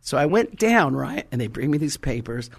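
A woman preacher telling her testimony in a sermon, animated and fervent, acting out the people in her story. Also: extremely low pitch, moderate pace, vocal fry. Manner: fervent, exclamatory.

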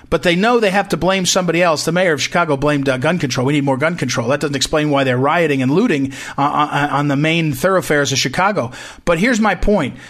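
A man with a high-pitched, fairly bright voice hosts a talk show, delivering an emphatic political commentary monologue. He repeats his points and frequently restarts phrases.

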